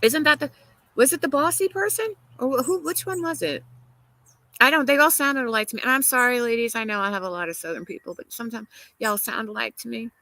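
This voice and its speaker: Bright-voiced woman chatting opinionated. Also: a little high, fast talker, no room sound, poor audio. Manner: opinionated, chatty, laughs often. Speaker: livestream host. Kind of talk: casual livestream chat reading comments. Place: outdoors in a garden.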